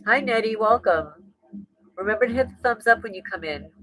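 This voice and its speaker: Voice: mid-range voice, lively intonation, brisk, a bit bright, no echo, low-quality recording. A live-stream host chatting casually and greeting viewers by name as they come in. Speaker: livestream host.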